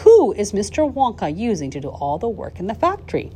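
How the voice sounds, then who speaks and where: A woman's voice: mid-range voice, huge pitch swings, a little fast, dark tone, slight background noise, voice pushed up. A woman voicing an eager young boy in a storybook reading.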